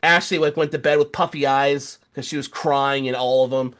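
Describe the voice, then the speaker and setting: A man's voice: medium pitch, fairly even intonation, moderate pace, a bit bright. A man co-hosting a casual podcast, telling rambling stories with stammered restarts and sarcastic jokes. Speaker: podcast co-host.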